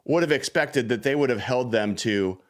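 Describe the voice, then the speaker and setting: A man hosting a sports postgame show, talking with big bursts of excitement and shouted cheers. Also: normal speed. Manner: animated, exclamatory, swings high when thrilled. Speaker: podcast host.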